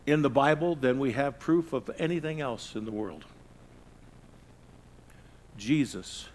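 A middle-aged male pastor preaching a sermon, swinging from loud emphasis to hushed, low passages. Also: creaky, slight background noise.

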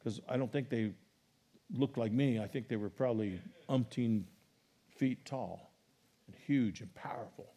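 This middle-aged man preaching as a pastor keeps a measured pace and a mid-range voice. Scripture readings swell into loud, animated emphasis, while the gaps between passages are filled with chat to the congregation.

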